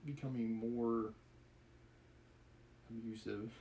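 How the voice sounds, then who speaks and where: A man's voice: medium pitch, fairly even intonation, very slow, mellow, slight background noise, low-quality recording. A man reading a novel aloud on a live stream, mixing the text with wry, chuckling asides.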